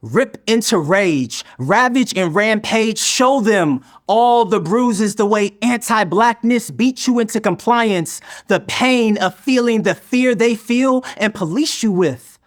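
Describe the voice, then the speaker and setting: Man reciting slow, measured spoken word poetry. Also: sits high.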